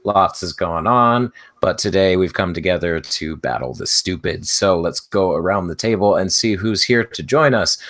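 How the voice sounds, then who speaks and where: A man hosts a casual online panel over a video call. His voice sits low but moves a lot in pitch. He is easygoing and keeps repeating "excellent". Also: expressive, moderate pace, few pauses, a bit bright. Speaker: host.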